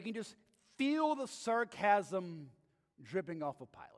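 Male pastor, conversational sermon, high voice, audience check-ins, long church reverb. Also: big pitch swings, a little slow. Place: church sanctuary.

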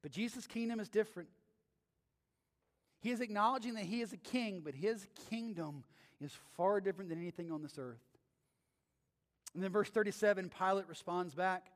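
A male pastor with a high voice preaches a sermon conversationally at normal speed, leaving long pauses. He often checks in with the audience by asking "right?", and the church sanctuary around him carries a long reverb.

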